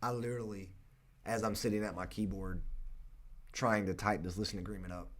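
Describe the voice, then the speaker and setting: A young man with a North Carolina accent, a real estate agent telling a personal story in an earnest, halting way. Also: lowish voice, steady tone. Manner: earnest, emotional, halting with frequent restarts.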